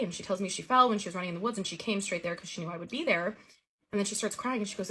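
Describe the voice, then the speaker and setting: Woman rattling off a dream story, husky, quick, kinda low. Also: fairly bright tone. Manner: fast, earnest retelling of a childhood dream. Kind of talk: casual storytelling to camera.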